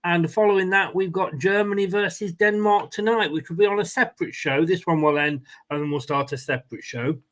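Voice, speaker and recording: A man hosting a casual live stream from home, talking in a somewhat higher voice. He rambles in a friendly way, corrects himself mid-sentence and mocks himself. He speaks into a new desk microphone. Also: fairly quick, hardly any pauses, a bit bright. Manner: chatty, rambling, self-deprecating, with restarts and asides. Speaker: watchalong host.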